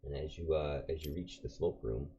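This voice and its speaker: A man's voice: very deep voice, normal speed, mellow. A man running a tabletop game as game master, narrating in a loose, rambling way with many fillers. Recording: dull lo-fi recording with faint noise.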